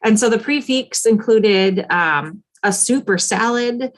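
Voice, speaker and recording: A woman's voice: fairly high pitch, slow pace. A woman from the United States co-hosting a casual travel podcast, chatting in an easygoing way with frequent ums and a ready laugh. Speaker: podcast co-host, travel planner. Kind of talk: casual chat.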